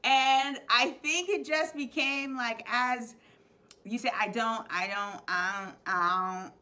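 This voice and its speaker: A young adult woman, a teacher, hosts a playful web show where she chattily explains slang and laughs often. Her voice is slightly high, slow, pushed and bright.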